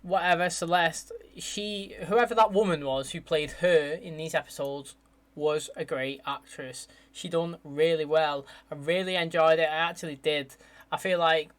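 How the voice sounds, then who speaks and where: A man's voice: on the high side, moderate pace. A young man with an English accent, chatting casually as he reacts to a TV episode, saying "mate" often. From England. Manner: chatty, animated, says "mate" a lot. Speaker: TV reaction host.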